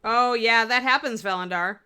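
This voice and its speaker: At normal speed, a woman with a high-leaning voice that is pushed, bright, clear and resonant co-hosts a miniature painting livestream. She chats casually and rambles, using many fillers as she goes through viewer comments.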